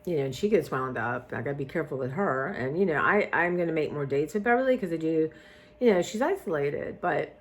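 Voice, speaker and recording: A woman's voice: low-pitched, expressive, fairly quick. Rambling woman vlogger. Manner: rambling, trails off and restarts often. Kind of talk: casual chat.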